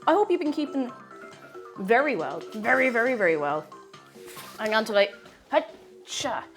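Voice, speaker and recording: A woman's voice: on the high side, sing-song, normal speed, faint music behind. A woman streaming herself baking, chatting casually and greeting viewers by name. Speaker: baking livestreamer. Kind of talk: casual chat while baking.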